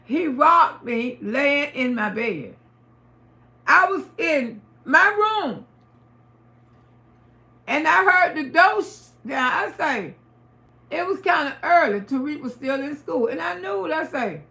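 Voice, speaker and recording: A middle-aged woman talking to her livestream audience from home. Her voice sits high and bright, with a gravelly edge. She tells her story in an emphatic, repetitive, often profane way. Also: expressive, slow, pauses often. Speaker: livestream host. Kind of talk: casual storytelling to a live audience.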